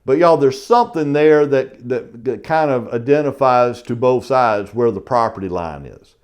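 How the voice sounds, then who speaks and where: A man's voice: mid-range voice, moderate pace, a little mellow, smooth. A middle-aged man, teaching a casual real estate lecture in a folksy way and saying "y'all" often. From South Carolina.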